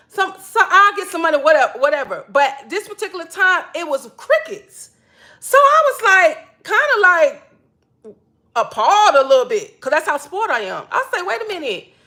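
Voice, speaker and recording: A woman's voice: very high-pitched, big pitch swings, normal speed, sharp tone. A woman, telling personal stories to viewers in a chatty way, repeating "literally" and laughing often. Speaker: spiritual wellness creator. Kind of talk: casual storytelling to viewers.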